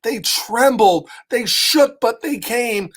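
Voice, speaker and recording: A man reads a storybook aloud to children at an unhurried pace. He stops often to chat with his young listeners and asks them friendly questions. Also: very high voice, lively intonation, husky. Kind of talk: reading a storybook to kids, chatting between pages.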